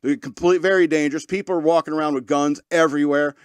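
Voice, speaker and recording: A man's voice: fairly high pitch, steady tone, fast talker, clean tone, no echo, studio quality. A man hosting a podcast, talking casually and rambling through his opinions with frequent restarts and chuckles. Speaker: podcast host.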